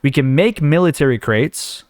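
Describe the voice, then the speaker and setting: A man's voice: on the high side, lively intonation, normal speed, a little mellow, no echo, clean studio sound. A man hosting a gaming video, rambling and thinking aloud as he sorts through his inventory, with a case of the hiccups. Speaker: gaming channel host. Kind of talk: casual let's play commentary.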